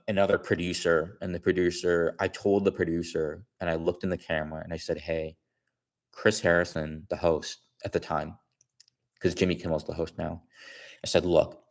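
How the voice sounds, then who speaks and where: A man tells a story on his stream in a relaxed, chatty way. His voice is low and deep, and he loops back over his own words and restarts sentences as he goes. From Chicago area. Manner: rambling, repeats himself, many restarts. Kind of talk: casual storytelling.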